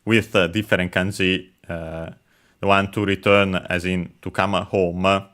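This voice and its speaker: Slow, low-voiced man teaching Japanese words. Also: little pitch movement, a bit bright. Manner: hesitant, many filler sounds, careful and methodical. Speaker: language teacher. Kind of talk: explaining Japanese words while playing a game.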